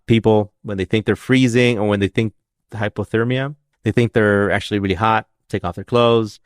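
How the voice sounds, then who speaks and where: A man's voice: lowish voice, fairly even intonation, fairly quick, clean tone, no echo, studio quality. A man co-hosting a podcast in casual conversation, rambling and joking, often restarting his sentences. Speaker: podcast co-host.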